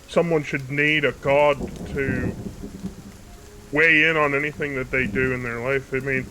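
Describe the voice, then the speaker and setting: Dude role-playing his character, blunt and cussing, bright forceful voice. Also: on the high side, slight background noise, low-quality recording. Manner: blunt, swearing, skeptical. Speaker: player. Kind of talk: in-character tabletop role-play.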